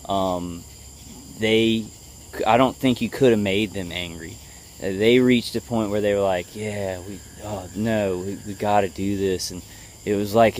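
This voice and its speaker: Deep-voiced man, halting and calm. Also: a little hiss or hum. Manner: halting, full of fillers and restarts; tries to stay calm and level. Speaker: vlogger. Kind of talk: personal video update.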